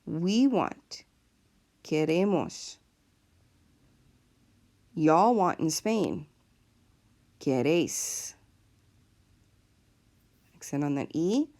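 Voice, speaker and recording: A woman teacher talks through a recorded lesson at an unhurried pace. Her voice sits a little low and carries a gravelly fry. She explains each step patiently. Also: animated, darkish tone. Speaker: Spanish teacher.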